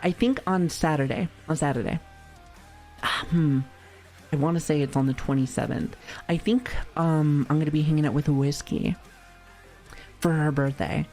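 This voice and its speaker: A woman's voice: sits low, steady tone, normal speed, long pauses, darkish tone, faint music behind. A woman streamer chatting casually with her viewers, playful and giggly, often laughing and swearing lightly. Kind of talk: casual live-stream chat.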